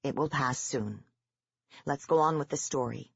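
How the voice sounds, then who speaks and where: Narrator doing a calm, gentle schoolteacher. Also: mid-range voice, a little slow, gravelly, slightly rough, no room sound, muffled recording. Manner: calm, soft, firm.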